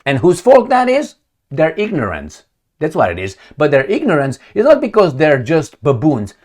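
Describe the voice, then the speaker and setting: A man with a fairly high, darkish voice delivers a heated, profane, sarcastic political rant for a video, his pitch swooping wildly at a normal speed. He reads news excerpts aloud and mocks them with put-on quotes.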